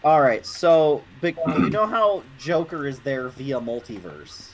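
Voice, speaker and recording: A man hosts a gaming stream in a fairly high-pitched voice, speaking a little slowly over a crowd in the background. He chats casually and animatedly, laughs often and keeps restarting his sentences.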